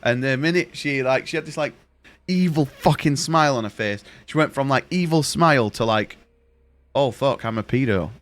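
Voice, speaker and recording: A man's voice: mid-range voice, normal speed, fairly bright tone. A young man streaming a game, chatting casually and telling a rambling, sweary story. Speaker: gaming streamer. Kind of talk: casual chat while streaming.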